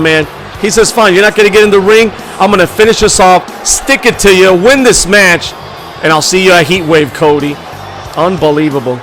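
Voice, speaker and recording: A man doing excited play-by-play commentary over a wrestling video game, shouting his calls with game music and crowd noise behind him. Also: high voice. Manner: hyped, loud, shouting calls.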